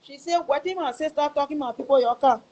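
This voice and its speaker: Woman, Liberian English accent, middle-aged, high voice, emotional storytelling, acts out quoted lines. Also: fast talker, mellow, dull audio, slight background noise. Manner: acts out quoted dialogue, exclamations like "oh" and "ah". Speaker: storyteller recounting a family tragedy.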